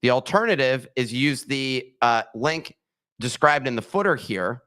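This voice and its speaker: A man co-hosting a casual podcast chat, talking in an animated way and walking listeners through steps. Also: medium pitch, unhurried. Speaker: podcast co-host.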